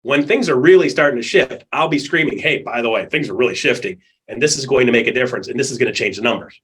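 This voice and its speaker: Speaking fast in a husky, medium-pitched voice, a middle-aged man coaches real estate agents during an interview. He's animated and energetic, playing out the people and phone calls he talks about.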